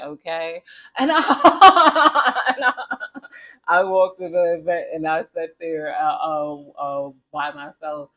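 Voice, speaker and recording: A man's voice: a little high, sharp tone. A man giving a casual tarot reading, chatty and laughing often as he tells a personal story. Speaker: tarot reader. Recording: dull lo-fi audio.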